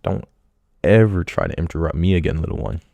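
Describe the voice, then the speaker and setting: A man's voice: low voice, expressive, brisk, gravelly, mellow, no room sound, full character voice. Guy doing a menacing teacher voice, cold and talking down, dry close sound. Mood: stern. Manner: cold, threatening, condescending. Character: stern, menacing male teacher who lectures his class.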